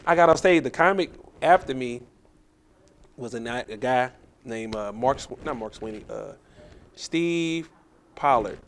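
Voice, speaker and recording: A man, a comedian guest, telling profane, animated stories about comedy shows on a podcast. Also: medium pitch, measured pace, pauses often, slight background noise. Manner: profane, animated storytelling with acted quotes. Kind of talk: casual storytelling on a podcast.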